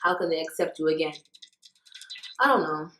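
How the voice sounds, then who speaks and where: A young woman in college tells a story casually to camera in a low-pitched voice at normal speed. She's animated, swears freely and acts out what people said, recorded in an echoey room with faint noise.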